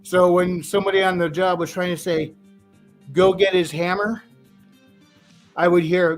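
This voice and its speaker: A man from New England tells stories in a casual group chat, his voice a bit higher than most men's. He talks in an easygoing, relaxed way. Faint music runs underneath. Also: moderate pace, long pauses. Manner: easygoing storyteller. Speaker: co-host.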